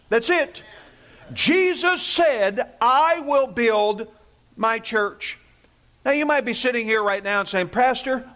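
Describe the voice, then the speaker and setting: Slow, high-pitched preaching man. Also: fairly bright tone. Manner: emphatic, repeats key phrases; asks congregation to repeat words. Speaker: pastor. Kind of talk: sermon.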